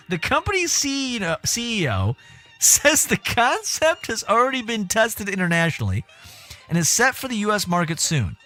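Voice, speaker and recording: A man's voice: sits high, huge pitch swings, moderate pace, bright, forceful tone, faint music behind. A young man streaming casually, reading a news article aloud with rambling, jokey asides.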